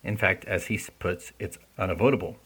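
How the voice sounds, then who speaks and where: A man's voice: sits low, brisk, fairly bright tone, breathy edge. A man speaking in an earnest, conversational way, often checking in with his listeners. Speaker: speaker discussing an essay. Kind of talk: casual reflective talk.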